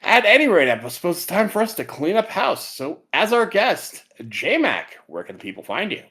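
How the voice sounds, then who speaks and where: Lively man chatting on a podcast. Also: high-pitched, normal speed. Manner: animated, laughs easily. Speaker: podcast co-host. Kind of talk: casual podcast chat.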